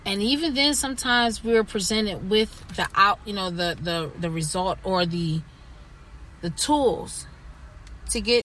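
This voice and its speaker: A woman hosts a casual podcast with a bright, forward voice. She talks in an animated way, halting often with fillers. A faint hiss sits under her voice. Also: medium pitch, poor audio. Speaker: podcast host.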